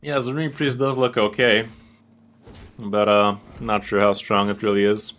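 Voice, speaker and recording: Low-voiced trash-talking gaming streamer man. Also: measured pace. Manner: excitable, trash-talking, profane. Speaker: game streamer. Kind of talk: casual gameplay commentary.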